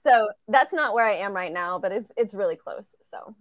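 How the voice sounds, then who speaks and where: A woman's voice: medium pitch, lively intonation, a little fast, dry recording. A woman who writes romance novels, reading her own chapter aloud as a guest on a podcast over a video call. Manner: casual, laughs easily between lines.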